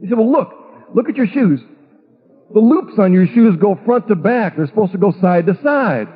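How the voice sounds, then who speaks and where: A middle-aged male pastor tells a self-mocking story from his own life in a fairly high, husky voice. The sound is thin and boxy, like a radio broadcast heard down a phone line. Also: lively intonation, normal speed. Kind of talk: storytelling testimony talk.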